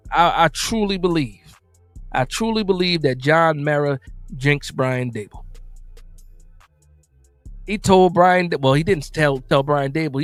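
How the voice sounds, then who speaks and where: A man from New Jersey hosts a live football stream in a relaxed, rambling way, repeating phrases as he answers his chat. His voice sits on the higher side and sounds dry and close. Faint music plays underneath. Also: clear, resonant tone, dry recording. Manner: loose, repetitive, reads and answers chat. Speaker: live-stream sports show host.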